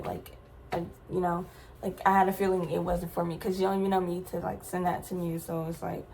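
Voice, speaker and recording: A woman's voice: on the low side, level tone, brisk, gravelly, a little mellow, a little hiss or hum. A young adult woman vlogger telling a personal story in a casual, slangy, emphatic way, with many asides to her viewers.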